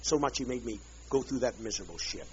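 A man's voice: medium pitch, fast talker, slight background noise. Bitter profane man ranting on old tape. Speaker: leader addressing a group. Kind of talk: angry profane rant. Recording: dull lo-fi archive tape.

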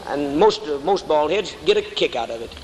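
Before a congregation in an echoey church hall with faint noise, a man preaches a fiery, mocking sermon and calls his listeners honey. His voice is on the high side with a darkish tone, animated, at a normal speed.

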